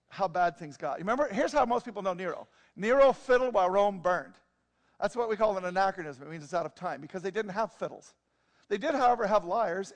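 A man preaching a sermon in an animated, joking, conversational way. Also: high-pitched, vocal fry. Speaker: pastor. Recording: long hall reverb.

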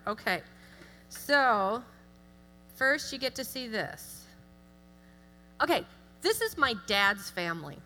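A middle-aged woman giving a chatty, self-deprecating church talk with animated asides. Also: sits high, takes it slowly, long pauses, a little hiss or hum. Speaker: guest speaker. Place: church sanctuary. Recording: long hall reverb with music.

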